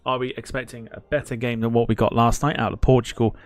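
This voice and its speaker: A man's voice: medium pitch, little pitch movement, fast, no room sound. A man hosting a live football watchalong stream, chatting casually, greeting viewers in the chat and laughing at himself as he rambles.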